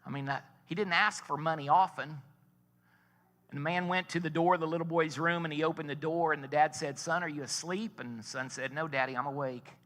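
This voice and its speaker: In a large church sanctuary, a pastor preaches a sermon in a slightly fast, somewhat bright voice on the high side, his intonation fairly even. He tells a story and poses questions to the congregation, with church hall reverb around him.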